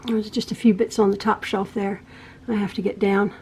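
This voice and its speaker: A middle-aged woman who hosts a quilting channel, chatting casually and rambling through her home with soft sighs and laughs. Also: medium pitch, level tone, moderate pace, slightly rough. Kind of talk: casual vlog chat. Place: home, indoors.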